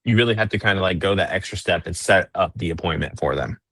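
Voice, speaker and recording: A man's voice: sits low, fast, bright, forceful tone, no echo. A man coaching real estate agents on a group call, teaching step by step and acting out sample lines to clients.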